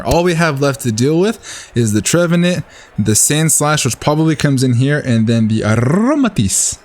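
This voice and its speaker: A man's voice: medium pitch, a little slow, pauses often, soft background music. A man casually commentating his own competitive match, thinking aloud and cheering his plays. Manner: excitable, thinks aloud, talks to the opponent.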